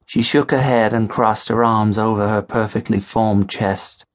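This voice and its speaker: Man, audiobook narration, first person, gravelly, lowish voice, measured. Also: fairly even intonation.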